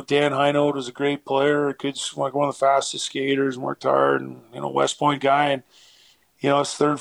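Gravelly-voiced former hockey player telling stories. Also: male voice, medium pitch, no echo. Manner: rambling, full of fillers, acts out quotes. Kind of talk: casual storytelling interview.

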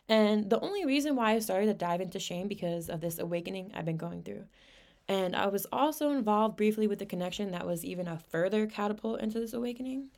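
A woman's voice: mid-range voice, a little mellow. A young woman hosting her own podcast, talking candidly in a casual monologue full of slang and swearing. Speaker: podcast host.

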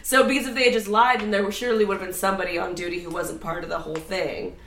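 A woman casually telling a story with crude, animated asides. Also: mid-range voice, fast, reverberant, far from the mic, slight background noise. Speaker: storyteller host.

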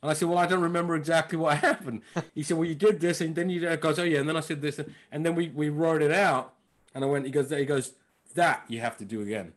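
A man's voice: fairly high pitch, fast talker. A man who is a stand-up comedian, chatting casually as a podcast guest, telling stories and acting out other people's voices. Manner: animated storyteller, acts out voices and impressions.

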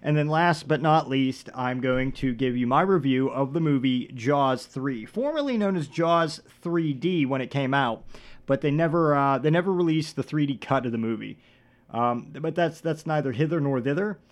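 A male podcast host rambling through a comedic monologue. He swears freely and delivers absurd jokes deadpan, in a voice of ordinary pitch. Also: normal speed.

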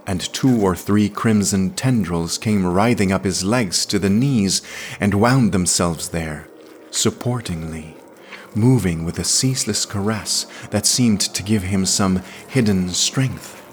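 Male narrator for a dramatic sci-fi reading, very deep voice, slow and measured, hushed delivery. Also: slight background noise. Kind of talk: dramatic audiobook reading of pulp science fiction.

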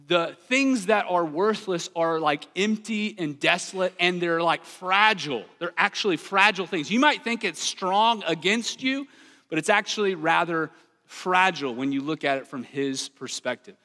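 A man in his thirties preaches with a high, bright and forceful voice. He stays earnest and emphatic, leaning into scripture readings with dramatic weight. The sound rings through a long hall reverb. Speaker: pastor. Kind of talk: sermon.

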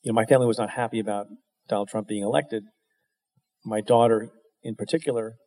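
A man's voice: on the low side, steady tone, fast, warm tone. A middle-aged man answering an interviewer's question with candid, wry, self-deprecating stories, often restarting his sentences. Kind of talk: candid storytelling, conversational. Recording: long hall reverb.

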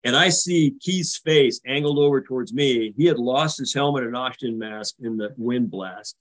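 An older American man, a retired naval officer, recounts a tense carrier landing in a vivid, animated way during a podcast interview. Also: mid-range voice, normal speed, low-quality recording. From United States. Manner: vivid, animated retelling, acting out radio calls. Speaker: guest.

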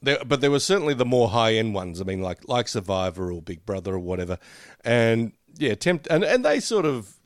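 A man co-hosting a podcast in easy, chatty banter. His pitch swings widely as he jokes and laughs at himself, and his voice sits close and dry on the mic. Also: a little fast, no echo. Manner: laughs often, lively, self-deprecating. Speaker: podcast co-host. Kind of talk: casual podcast chat.

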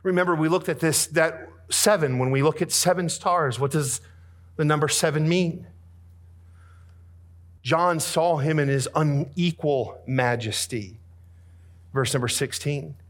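Fervent male preacher with a high-leaning voice. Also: unhurried, long pauses. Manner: dramatic preaching that swings between soft and booming. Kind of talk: sermon.

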